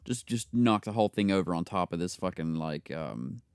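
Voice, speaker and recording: Recorded with studio quality and no room sound, a young man with a deep, smooth voice and lively intonation talks at a moderate pace. As a podcast co-host he shares crude workplace stories in casual chat, swearing openly and acting out the people in them, often erupting into loud, laughing impressions.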